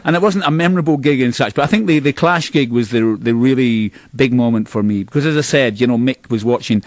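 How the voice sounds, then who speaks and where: A man's voice: mid-range voice, quick pace, no room sound. A middle-aged Scottish man, a band's singer, telling long rambling stories in a radio interview with a self-mocking, laughing manner. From Scotland. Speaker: band singer, interview guest.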